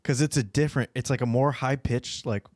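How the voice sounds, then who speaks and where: A young man co-hosting a podcast in casual chat, telling animated, profane stories and acting out what his pets say. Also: mid-range voice, brisk, no echo, clean studio sound. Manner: animated storytelling, swears freely, acts out pets' voices. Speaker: podcast co-host.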